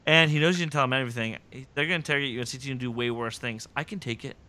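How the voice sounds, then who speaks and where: A podcast host with a mid-range voice talks rapid-fire, casually recapping a TV episode. He's animated, acting out the characters' lines in put-on voices, and there's no room sound.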